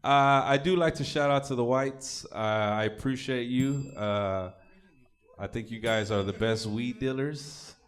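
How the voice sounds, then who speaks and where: A man's voice: medium pitch, measured pace, clear, resonant tone. A man from Oak Cliff, Texas, doing a profane, offhand stand-up set on a comedy club stage. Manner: crude, profane, offhand delivery.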